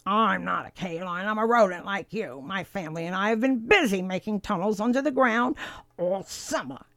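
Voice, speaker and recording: A woman's voice: mid-range voice, moderate pace, a bit bright, no echo, clean studio sound, close to an everyday voice. A woman voicing a grumpy, impatient male prairie dog who grumbles and answers curtly in a storybook reading. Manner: grumbling, curt.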